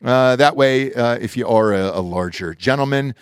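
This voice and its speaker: A man hosting a casual podcast in a studio, talking loudly and profanely and jumping into hype-man shouts. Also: medium pitch, normal speed, smooth, no echo. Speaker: podcast host. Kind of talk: casual banter. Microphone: studio mic.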